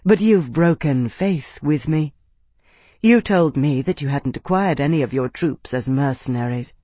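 A man voicing a poised noblewoman who speaks quietly, coolly and condescendingly in an audiobook. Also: medium pitch, no echo, natural voice.

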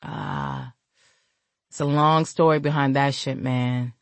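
A woman's voice: a bass voice, steady tone, slow, no echo, exaggerated voice. A woman voicing a street-hardened young man who is blunt, protective and curses in heavy slang. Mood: weary.

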